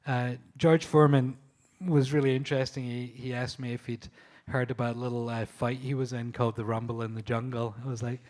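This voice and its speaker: A man's voice: medium pitch, flat delivery, a little fast, darkish tone. A man from Scotland with a Scottish accent, a photographer telling enthusiastic, laughing stories at a live panel talk, with frequent restarts. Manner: enthusiastic storyteller, laughs often, restarts and fillers. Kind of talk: anecdotal talk at a public event.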